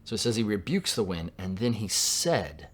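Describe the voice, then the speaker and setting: A man from Southern California preaching a sermon in a conversational way, dropping to a hush for quoted lines. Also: on the low side, sing-song, normal speed, breathy edge. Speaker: pastor.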